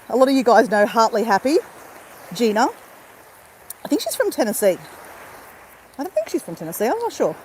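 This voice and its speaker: A chatty Australian woman hosts a beach vlog as a YouTuber live-streaming, laughing and talking straight to viewers during a casual walk outdoors. She holds her phone at arm's length, and her voice is a little high with a darkish tone. The audio is poor, with slight background noise.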